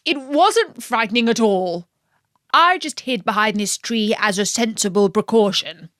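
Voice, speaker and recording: A woman voicing Bertie, a pompous, self-important male pond creature who speaks in a measured way in a storybook. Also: a little high, animated, fairly bright tone, no room sound, studio quality. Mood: dismissive.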